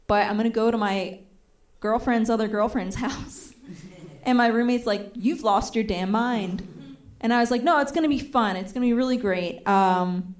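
A young adult woman telling a stand-up comedy story, acting out the voices of the people in it, with audience laughter behind her. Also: medium pitch. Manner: animated, acts out quoted voices.

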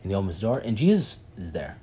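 A man telling a parable in a casual, animated way, with many fillers and repeats. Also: low-pitched, fast talker, slight background noise. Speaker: speaker retelling a parable. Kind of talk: animated storytelling talk.

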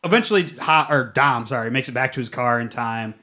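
A podcast co-host casually recaps a movie scene by scene, rambling and peppering his speech with "like." His medium-pitched voice is expressive, bright and forceful, and he talks fairly quickly.

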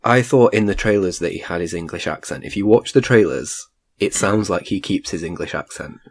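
A man's voice: low-pitched, lively intonation, a little fast, gravelly. A man casually reviewing a film in a chat, rambling with frequent restarts. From United Kingdom.

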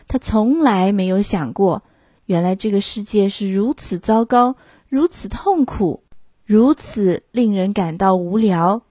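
Woman narrator for a bilingual children's book: unhurried, clear, dry studio sound. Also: mid-range voice, dark tone, no room sound. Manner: slow, clear read-aloud. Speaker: storyteller. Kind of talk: bilingual picture-book read-aloud.

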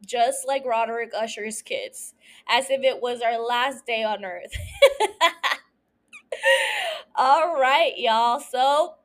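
A woman hosting a solo podcast, ranting casually and excitedly about a TV show, swearing often. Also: a little high, takes it slowly. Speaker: podcast host.

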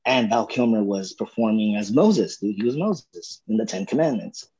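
A man on a podcast telling a story in a relaxed, casual way, often saying "dude". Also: on the low side, moderate pace, breathy edge. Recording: dull lo-fi sound.

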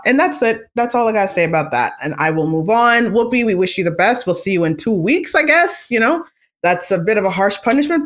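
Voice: mid-range voice, fairly bright tone. A vlogger giving casual, outspoken commentary on celebrity news, swearing freely and often mimicking other people.

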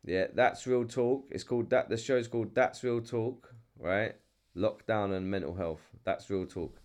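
A young man with a London accent hosts an easygoing chat in a deep, low voice. He restarts his sentences and repeats himself as he goes, and swears casually. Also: unhurried, darkish tone. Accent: London English. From England. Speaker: podcast host.

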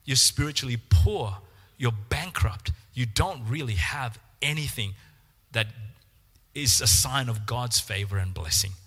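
A man preaching a sermon, animated, repeating words and acting out the voices he quotes. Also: medium pitch, unhurried, husky, in a large hall.

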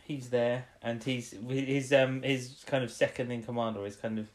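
A man co-hosting a casual podcast at an ordinary middle pitch. He rambles through a story recap with plenty of ums, now and then popping up into quick acted lines for the characters. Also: flat delivery. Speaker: podcast co-host. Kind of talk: casual chat.

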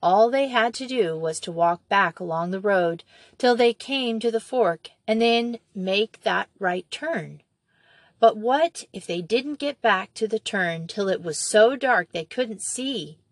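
Woman narrator, children's book reading, unhurried pace, dry close mic. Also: mid-range voice, no echo. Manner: measured, expressive storytelling. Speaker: audiobook narrator. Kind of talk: reading a children's novel aloud.

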